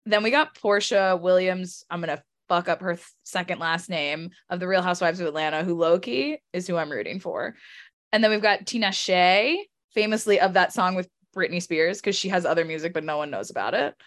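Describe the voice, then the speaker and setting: A young woman co-hosting a casual podcast, jokey and lively, running through a list with quick asides. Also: on the low side. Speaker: podcast co-host. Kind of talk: casual chat.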